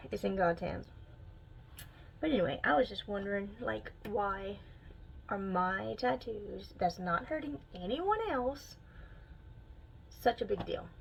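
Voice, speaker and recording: A young woman telling a story in a casual vlog, animated and exasperated, her pitch jumping as she talks. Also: vocal fry, a little hiss or hum, poor audio. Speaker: vlogger.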